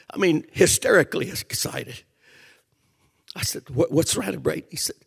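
An older man preaching a fervent sermon, emotional, swinging from shouted passages to quiet storytelling. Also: a little high, moderate pace, gravelly, breathy edge.

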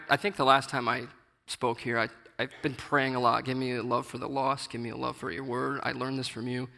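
A man's voice: medium pitch, vocal fry, pushed and bright. A man giving an informal, earnest sermon, reading scripture aloud and explaining it in a conversational way. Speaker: lay preacher. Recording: long hall reverb.

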